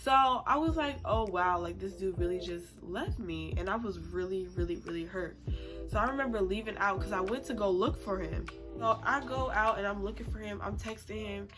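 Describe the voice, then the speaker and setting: A young woman recounts a personal story in a casual, chatty way, full of slang and expressive asides. Her voice sits in an ordinary middle range. Music plays clearly beneath her. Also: medium pitch, a little fast. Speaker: vlogger. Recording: music playing under the voice.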